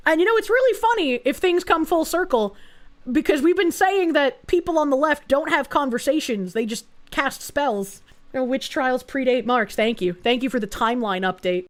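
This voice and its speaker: A woman's voice: sits high, animated, moderate pace. A woman host giving blunt, sarcastic reaction commentary in casual profane talk.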